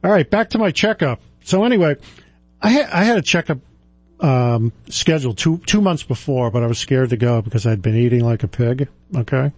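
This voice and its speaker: A man's voice: mid-range voice, lively intonation, a little fast, darkish tone, no echo. A man hosting a radio show, telling a rambling, self-deprecating story in a casual way with frequent chuckles. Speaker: radio show host and retirement planner.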